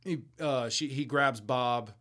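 A man's voice: medium pitch, slow, a bit bright. Rambling, profane podcast host man. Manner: rambling, profane, laughs as he retells scenes. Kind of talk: casual chat recapping a comic book.

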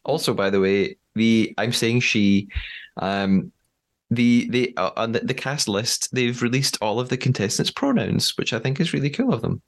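A man's voice: medium pitch, moderate pace. A man hosting a podcast in casual chat, chatty with frequent fillers and easy laughter. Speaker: podcast host.

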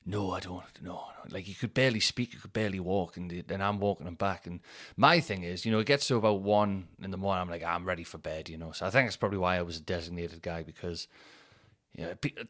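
Low-voiced man telling a rambling story. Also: fairly bright tone. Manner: rambling storyteller, quick restarts, acts out quotes. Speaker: podcast host. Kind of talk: casual anecdote telling.

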